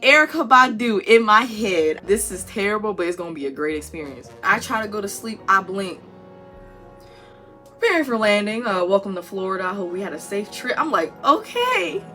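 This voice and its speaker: A woman's voice: mid-range voice, expressive, brisk, sharp tone, soft background music. A young woman telling a story to camera in a casual vlog, acting out the voices of the people in it. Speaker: vlogger.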